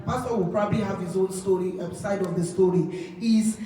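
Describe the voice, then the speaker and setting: A woman who is a pastor, teaching in a sermon and laying out her points one by one in a measured way. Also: mid-range voice, mellow, slight background noise. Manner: measured, lists points plainly. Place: church hall. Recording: echoey church hall from far off.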